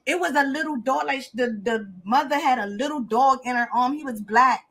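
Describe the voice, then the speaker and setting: A woman's voice: sits high, moderate pace. A woman co-hosting a podcast, telling stories in casual chat and acting out what others said. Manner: animated, acts out what others said. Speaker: podcast co-host.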